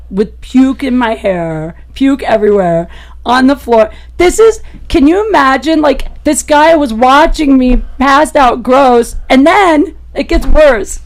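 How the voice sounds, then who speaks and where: A woman comedian, a podcast guest, telling a raunchy personal story in an animated way and laughing as she goes. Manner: animated, gets loud and high-pitched as the story peaks; laughs through her own story.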